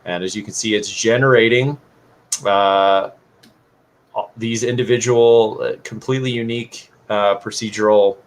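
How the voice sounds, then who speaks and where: A man's voice: lowish voice, fairly even intonation, normal speed. A man co-hosting a casual livestream, explaining things in a loose, rambling way with lots of fillers. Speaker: livestream co-host.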